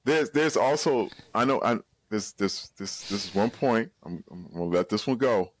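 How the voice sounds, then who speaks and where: A man's voice: lowish voice, moderate pace, no room sound. A man co-hosting a podcast, enthusiastically chatting about a movie and tripping over his words. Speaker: podcast co-host. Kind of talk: casual movie chat.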